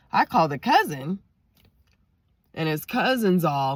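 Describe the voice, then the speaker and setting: A woman vlogger casually telling a personal story to her viewers, acting out the dialogue with lively energy. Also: lowish voice, normal speed, breathy edge, no room sound. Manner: animated, lively retelling with quoted dialogue; talks straight to viewers.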